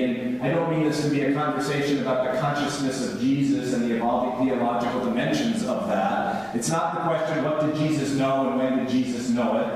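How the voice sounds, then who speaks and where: Male priest, higher register, wry storyteller; recorded from a distance with long hall reverb. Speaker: Jesuit priest, speaker. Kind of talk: reflective talk to parents. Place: school hall or auditorium. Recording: echoey hall, far from mic.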